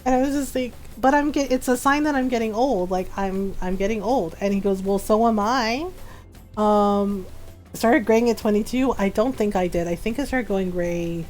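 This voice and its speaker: A woman's voice: mid-range voice, normal speed, a little mellow, soft background music. Chatty woman in her forties, laughing often. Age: 40s. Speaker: streamer. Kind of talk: casual chat while gaming.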